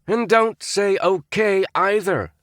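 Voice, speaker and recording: A man's voice: high voice, takes it slowly, a bit bright, no echo, studio quality, voice pushed up. A man doing a snapping, sneering young cadet. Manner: snapping, mock-stern.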